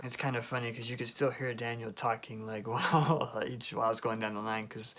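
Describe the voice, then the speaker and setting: A young man telling a storytime vlog, excitable and rambling, with lots of filler words. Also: mid-range voice, brisk, few pauses. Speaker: YouTuber.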